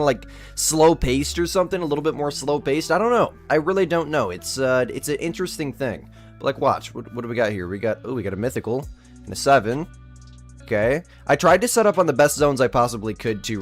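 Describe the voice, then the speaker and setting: A young man chatting casually on a live gaming stream, keeping his voice down and rambling as he thinks aloud. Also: medium pitch. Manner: holding his voice down to stay quiet.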